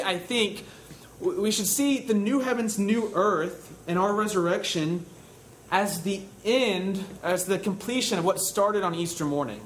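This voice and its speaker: Slightly high-voiced conversational preacher. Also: male voice, slight background noise, low-quality recording. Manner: conversational, with frequent fillers and soft hushed quotes. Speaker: pastor. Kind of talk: sermon.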